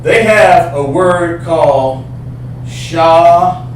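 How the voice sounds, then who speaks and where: A man teaching a livestreamed class, explaining slowly, repeating himself and sounding out letters. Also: fairly high pitch, far from the mic. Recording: echoey room, voice from off the mic, faint noise.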